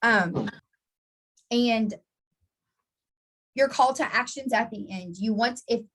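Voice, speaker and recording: A woman's voice: a little high, takes it slowly, fairly bright tone. A chatty woman coaching her marketing team in a casual live session. She talks in an easygoing, encouraging way, often restarting sentences and repeating words. She answers viewers by name as she goes. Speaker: network marketing team trainer. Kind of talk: casual live training talk.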